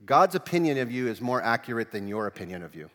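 A man preaching a sermon as pastor, with animated storytelling. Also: mid-range voice, quick pace, long reverb tail. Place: church.

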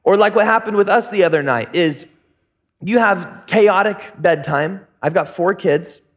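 A man preaching a casual sermon, telling stories in a relaxed, joking, slangy way. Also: sits high, unhurried. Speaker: pastor.

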